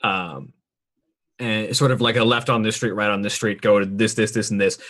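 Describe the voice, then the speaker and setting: Male game master, mid-range voice, halting delivery with frequent ums. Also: medium pitch, pushed and bright. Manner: halting, filled with ums and restarts. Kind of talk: narrating a tabletop game.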